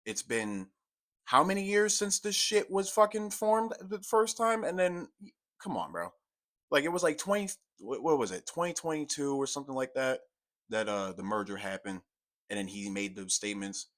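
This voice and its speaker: A young man giving a profane, exasperated commentary rant, swinging from low mutters to loud outbursts. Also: expressive, normal speed. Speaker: commentary YouTuber. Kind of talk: ranting commentary.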